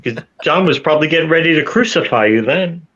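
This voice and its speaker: A man's voice: on the high side, lively intonation, fast talker, a bit bright, lo-fi sound. A man chiming in on a casual livestream chat with short, teasing one-liners.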